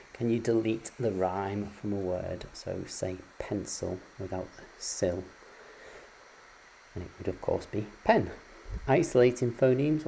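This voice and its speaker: A man's voice: deep voice, gravelly, dark tone, slight background noise, rough recording. A man teaching phonics in a patient, explanatory way, with frequent ums and uhs. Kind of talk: recorded lecture on phonics.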